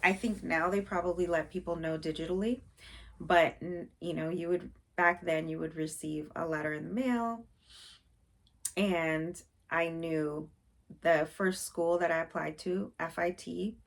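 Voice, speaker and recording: A woman's voice: on the low side, steady tone, unhurried, gravelly. A woman vlogger in casual chat, rambling with many fillers and openly sensitive about her feelings.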